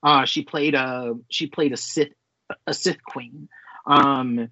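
A man co-hosting a casual pop-culture podcast, talking in an animated, rambling way and swearing freely. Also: medium pitch, slow pace, dry recording. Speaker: podcast co-host. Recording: slightly dull lo-fi sound.

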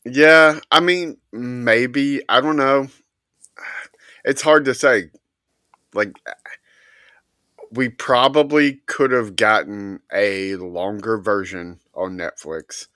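A man co-hosting a casual movie talk, speaking hesitantly and measured. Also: mid-range voice, pushed and bright, dry recording. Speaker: podcast co-host.

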